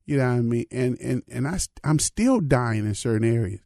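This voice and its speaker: A man's voice: medium pitch, expressive, a little fast, vocal fry, mellow, no room sound, clean studio sound. An older man, a pastor, giving an informal spiritual reflection in a conversational way, often asking "you know what I mean".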